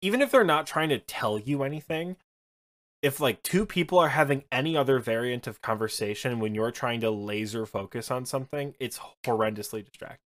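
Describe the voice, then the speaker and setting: A man co-hosting a casual gaming podcast, telling stories in an animated way, laughing and swearing now and then. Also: mid-range voice, brisk. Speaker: podcast co-host. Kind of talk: casual chat about a video game.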